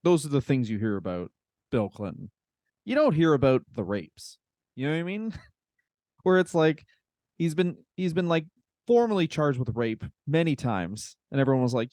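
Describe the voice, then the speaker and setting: A man's voice: fairly high pitch, sing-song, normal speed, a little mellow, no room sound, studio quality. A man co-hosting a casual comedy podcast, explaining history with wry jokes and laughter. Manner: laughing, wry storytelling with swearing. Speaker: podcast co-host.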